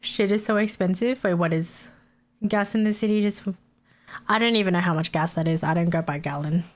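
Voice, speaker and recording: A woman's voice: fairly low pitch, fairly quick. A woman streamer chatting casually, ranting with frequent swearing and laughter. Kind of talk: casual live-stream chat.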